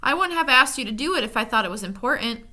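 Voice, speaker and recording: A woman's voice: a little high, expressive, fast, voice pushed up. A woman voicing a scheming male demon of petty tasks, snarling and then coaxing. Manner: snarling, then soft and wheedling.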